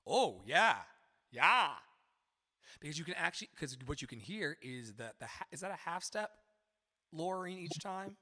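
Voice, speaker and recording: A man teaching a live-streamed singing lesson, animated, breaking into sung lyric lines to demonstrate. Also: fairly high pitch, normal speed, in a large hall.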